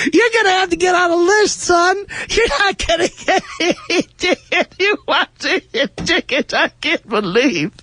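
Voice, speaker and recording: A man putting on the voice of a mocking older woman ticket clerk who shouts and laughs. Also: very high voice, animated, measured pace, hardly any pauses, no echo, voice pushed up, heavily acted. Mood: scornful.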